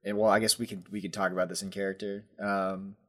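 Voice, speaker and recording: A man's voice: low-pitched, level tone, quick pace, fairly bright tone. A man playing a tabletop game, thinking aloud with hesitations. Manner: thoughtful, hesitant. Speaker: player.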